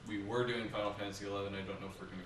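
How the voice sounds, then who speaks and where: A man's voice: lowish voice, little pitch movement, very fast, slight background noise. Joking man in an echoey room. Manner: joking, rambling, laughs often. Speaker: let's play co-host. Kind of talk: casual gameplay commentary. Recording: very echoey room, distant mic.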